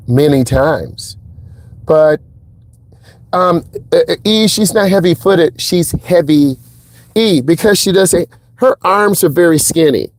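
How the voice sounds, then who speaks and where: A man talking casually as a driving instructor inside a car, telling stories in a lively way and acting out what people said. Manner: animated storyteller, acts out quotes in a higher voice. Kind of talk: casual vlog talk.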